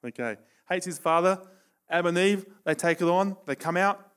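A man delivering a sermon in a voice a little higher than most men's. He tells stories and drives his points home with sudden bursts of emphasis. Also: moderate pace, clear, resonant tone. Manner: storytelling, animated, with bursts of emphasis. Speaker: preacher.

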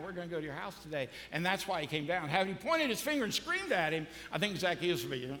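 Bright high-voiced joking preacher man. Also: slight background noise. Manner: casual, joking, asks the congregation questions. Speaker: pastor. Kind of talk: sermon. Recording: long reverb of a large hall.

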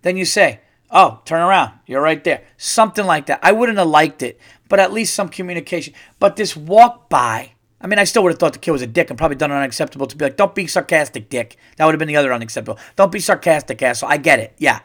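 A middle-aged man hosts his own podcast and vents through a comedic story about bad service. He swears freely, jumps between his own voice and acted-out quotes, and his voice sits a little higher than most men's. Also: lively intonation, quick pace, a bit bright. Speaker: podcast host. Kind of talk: ranting comedic monologue.

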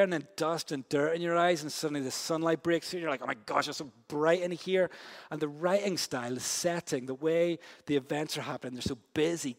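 Lively, slangy man preaching. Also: fairly high pitch. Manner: lively storytelling, big swings from loud and fast to hushed and slow; casual, slangy delivery with many "like" and "yo" asides. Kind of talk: sermon.

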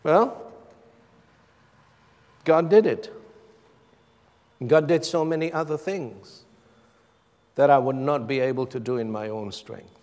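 A pastor preaching a sermon with dramatic pauses, building to emphatic calls. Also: male voice, medium pitch, darkish tone. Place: church hall. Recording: long reverb of a hall.

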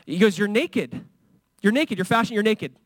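Male pastor, high voice, dry close sound; casual, lively sermon delivery that acts out quotes. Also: moderate pace, no echo. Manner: conversational, animated, acts out quotes.

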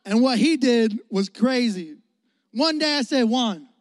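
A young male preacher from the Chicago area with a high voice, telling a story in an animated, joking way and talking straight to his audience. The recording is close and dry. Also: a little slow, dry recording. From Chicago area, United States. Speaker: youth preacher. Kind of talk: storytelling sermon.

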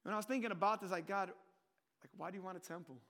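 High-voiced animated man preaching. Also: fast talker. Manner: animated, swings between loud emphatic peaks and hushed low asides; casual, conversational preaching with quoted prayers. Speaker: pastor. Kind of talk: sermon.

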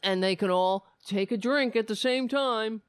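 A woman's voice: on the high side, measured pace, clean tone, dry recording, clean studio sound. A woman hosting a podcast, delivering angry political commentary in a sarcastic, profane rant. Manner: sarcastic, profane ranting with mocking voices. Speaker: podcast host.

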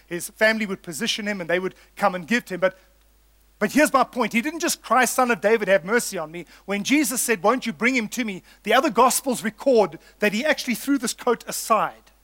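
Male preacher, high pitch, earnest and emphatic, repeats key lines for effect, talks to his flock as folks. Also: expressive, a little fast, fairly bright tone, no room sound. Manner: earnest, emphatic, builds with repetition; addresses listeners as folks. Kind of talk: sermon.

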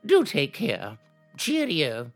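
A performer putting on a posh elderly English actress, reading fan fiction in a deadpan comic style. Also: medium pitch, takes it slowly, creaky, soft background music, full character voice. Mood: prim.

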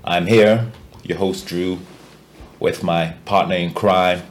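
A man hosting a casual podcast chat, halting often with fillers and restarts as he gathers his thoughts. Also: deep voice, fairly even intonation. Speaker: podcast host.

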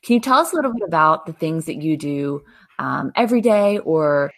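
A woman's voice: low voice, expressive, brisk. A woman hosting a podcast, asking interview questions encouragingly with some hesitant fillers. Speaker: podcast host.

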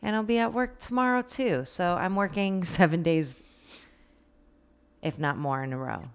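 Low-voiced playful woman co-host. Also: normal speed, clean tone. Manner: playful, giggly wordplay. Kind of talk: casual chat.

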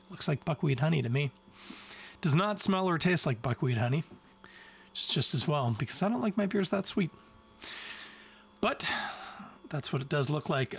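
Male podcast host, casual beer tasting chat, rambling and self-mocking, mid-range voice. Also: medium pitch.

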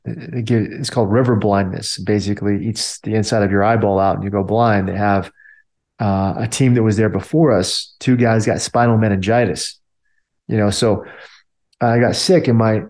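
A man's voice: fairly low pitch, steady tone, moderate pace, darkish tone. A man and army veteran telling a story casually, filling his talk with "like" and "you know". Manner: loose, filler-heavy talk with many "like" and "you know".

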